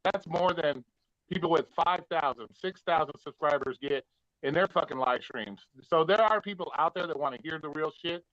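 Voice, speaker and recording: A man's voice: a little high, moderate pace, a bit bright, no room sound. A man hosting a livestream talk show, cursing freely and repeating himself before landing a point. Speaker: livestream host. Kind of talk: heated casual debate. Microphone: video call. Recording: dry, muffled lo-fi call audio.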